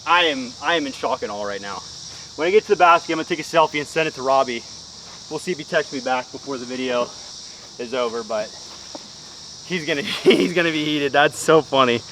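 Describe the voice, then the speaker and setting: A medium-pitched man plays a disc golf course outdoors, giving casual play-by-play commentary over background noise. He's chatty, upbeat, and self-deprecating, explaining each shot as he goes.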